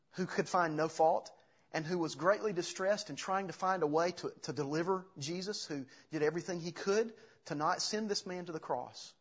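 A man's voice: a little high, highs cut off. A man preaching a sermon, earnest, reading scripture aloud between his own explanations. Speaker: pastor.

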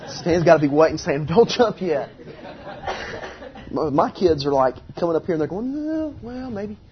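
A middle-aged man preaching a sermon as pastor, earnest and emphatic, sometimes voicing pleas at a higher pitch. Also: normal speed, lo-fi sound, a faint crowd.

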